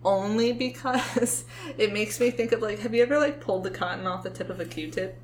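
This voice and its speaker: A woman's voice: mid-range voice, brisk. Chatty young woman, faint hum. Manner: chatty, animated, laughs often. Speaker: podcast co-host. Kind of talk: casual chat about a movie.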